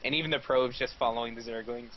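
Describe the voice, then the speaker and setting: Man, mid-pitched voice, esports caster, play-by-play, chatty and joking, lo-fi stream audio. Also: fairly even intonation, quick pace. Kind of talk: live play-by-play esports commentary. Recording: dull lo-fi stream audio with faint background noise.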